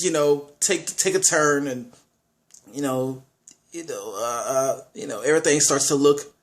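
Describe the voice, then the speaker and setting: A man talks through a movie review in a casual, unscripted way. His voice sits a little high for a man. He is blunt and emphatic, and he says his main complaints twice to drive them home. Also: fairly bright tone. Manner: blunt, emphatic, repeats points for stress.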